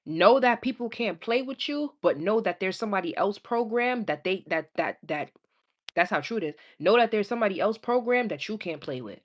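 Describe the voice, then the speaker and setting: A woman's voice: mid-range voice, expressive, fairly quick, muffled recording. A young woman, a tarot reader chatting casually with her live-stream viewers, laughing often and talking in slang.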